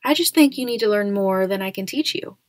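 A woman voicing a caring, practical mother in a storybook reading, gentle and reassuring. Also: mid-range voice, animated, fairly quick, no room sound, studio quality, close to an everyday voice.

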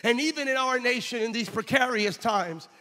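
A male pastor preaching a sermon on a church stage, telling a story and building to shouted exhortation. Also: very high-pitched, moderate pace. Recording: hall reverb.

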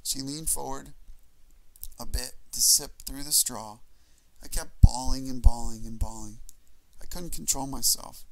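A man reading a memoir aloud as audiobook narration in a measured, earnest way. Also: mid-range voice, fairly even intonation, vocal fry, darkish tone, poor audio. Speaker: audiobook reader.

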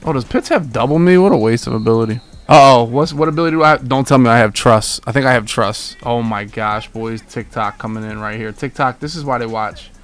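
A man's voice: medium pitch, a little fast, few pauses, clear, resonant tone, faint music behind. A young man streaming a football video game, giving hyped, trash-talking live commentary to his chat and repeating himself as he plays. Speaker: gaming streamer.

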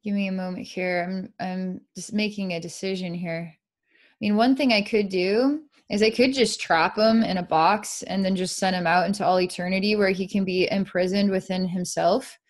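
A woman psychic leading a live energy-healing session, speaking softly with frequent sighs and dreamy, repetitive descriptions of what she sees. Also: medium pitch, fairly even intonation, normal speed. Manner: soft, sighing, repetitive, dreamy narration of visions.

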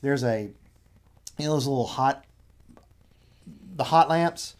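A man telling an anecdote in casual chat, annoyed, animated, acting out what people said. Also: medium pitch, slow pace. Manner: animated retelling, acts out quotes.

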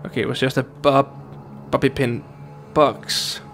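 A gaming YouTuber with a medium-pitched, fairly bright voice gives casual let's play commentary, rambling and talking to himself with lots of fillers and restarts. His delivery is flat and a little slow, with faint music behind him.

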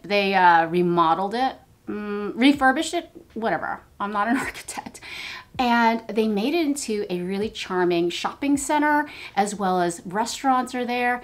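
An older woman vlogs as she gets ready, chatting to her viewers like friends. She pokes fun at herself and gushes over new products, her voice sitting at an ordinary middle pitch. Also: expressive, unhurried. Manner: chatty, self-deprecating, gushing over products. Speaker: beauty vlogger. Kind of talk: casual get-ready-with-me chat. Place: finished basement at home.

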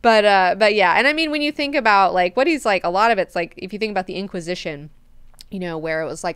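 A woman's voice: medium pitch, fast talker, a bit bright, smooth, no room sound. A woman hosting a book club, recapping chapters in a chatty way, full of fillers and casual swearing.

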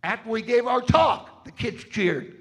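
A travelling preacher delivers a sermon at a church service, telling dramatic stories, calling out to the congregation for responses and making a fundraising appeal. His voice is extremely high-pitched, animated and fairly bright, with an unhurried pace.

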